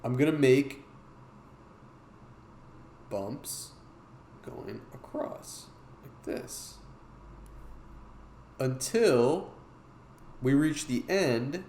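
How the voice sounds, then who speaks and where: A man's voice: medium pitch, lively intonation, extremely slow, long pauses, darkish tone. A man hosting a live-stream drawing tutorial, chatting casually and rambling with lots of fillers. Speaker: streamer and artist teaching drawing. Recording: roomy with faint noise.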